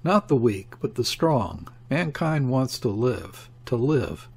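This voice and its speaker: A man reading an audiobook voices a gruff male radical who growls sneering retorts. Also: mid-range voice, very animated, slow pace, heavily acted. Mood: arguing. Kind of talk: audiobook character voice.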